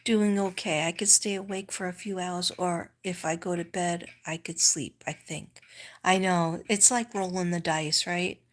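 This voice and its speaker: A woman's voice: fairly low pitch, steady tone, a little slow. A middle-aged woman with a New York accent, chatting casually with viewers on a livestream, rambling and restarting, sometimes dropping to a whisper. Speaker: livestream host.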